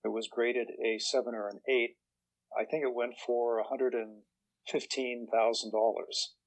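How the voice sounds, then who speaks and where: An older man, a guest author, telling relaxed anecdotes in a chatty way and acting out the voices of people he quotes. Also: medium pitch, moderate pace, rough recording. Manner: chatty, acts out quoted voices, chuckles through punchlines.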